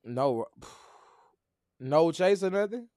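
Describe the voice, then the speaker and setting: Name: playful man. Pitch: a bit high. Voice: smooth. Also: expressive, very slow, dark tone, no room sound. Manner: playful, teasing banter. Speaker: show host. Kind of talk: casual chat.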